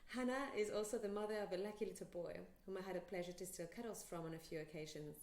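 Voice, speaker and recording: A woman's voice: medium pitch, fast, darkish tone. A woman with a French and South African accent, hosting a podcast and reading a chatty introduction. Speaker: podcast host and yoga teacher. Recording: roomy echo.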